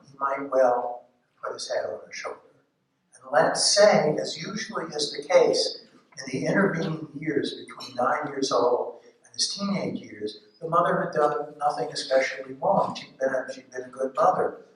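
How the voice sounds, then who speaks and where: A man's voice: a little high, normal speed, a bit bright. Man, psychologist, public lecture, wry conversational storytelling, distant room mic, very echoey auditorium. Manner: conversational, wry, acts out everyday scenes. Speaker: psychologist speaking to parents. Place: school auditorium with audience. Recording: echoey hall, voice heard from far off.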